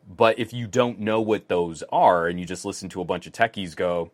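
A man's voice: sits low, fairly even intonation, moderate pace, hardly any pauses, no room sound, clean studio sound. A man co-hosting a casual tech podcast, talking animatedly and sometimes acting out the people he quotes in mock voices. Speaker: podcast co-host.

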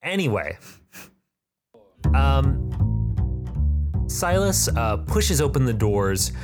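A man runs a tabletop game as game master and narrates the scene with lots of "uh" and "um." His pitch rises and falls a lot. The narration rambles but stays easygoing. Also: big pitch swings, drawn-out words, music in the background. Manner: rambling, filler-heavy narration.

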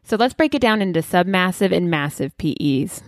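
A woman's voice: fairly low pitch, expressive, normal speed, no room sound, studio quality. A woman hosting a medical podcast, reading scripted segment intros in a guiding, question-posing way. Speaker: podcast host.

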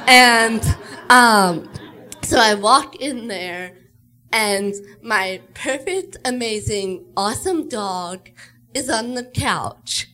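A woman's voice: a little high, lively intonation, very slow, sharp tone. A woman from Texas telling a playful story about her dog. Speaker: guest storyteller. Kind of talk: casual storytelling.

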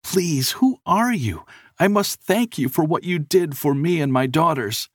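A man's voice: fairly low pitch, expressive, takes it slowly, gravelly, warm tone, slightly rough, dry recording, clean studio sound, exaggerated voice. A man voicing a poor, devout middle-aged father who talks in a choked, quavering voice as he holds back tears. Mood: frantic shouting.

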